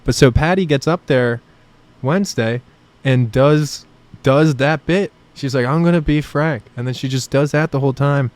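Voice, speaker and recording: A man's voice: medium pitch, moderate pace, a little mellow. A young man, a comedian from New Jersey, rambling through stories with laughs in a casual podcast chat. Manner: rambling storytelling, self-deprecating, laughs often. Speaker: comedian guest.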